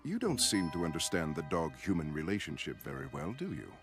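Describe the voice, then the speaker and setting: A haughty, cynical champion show dog from a cartoon, quiet and condescending. His voice moves with lively pitch, music behind. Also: brisk.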